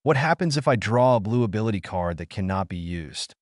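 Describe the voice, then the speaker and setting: A cold, self-assured young soldier, read by a man in a low voice. He speaks calmly and steadily, dry and close, with a lively lift to his lines. Audiobook fiction. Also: brisk, dry recording, lightly acted.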